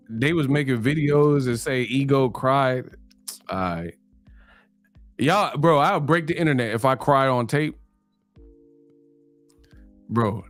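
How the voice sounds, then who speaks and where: A man's voice: medium pitch, no echo. A man hosting a casual live stream, joking and laughing through slangy banter with his viewers. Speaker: livestream host.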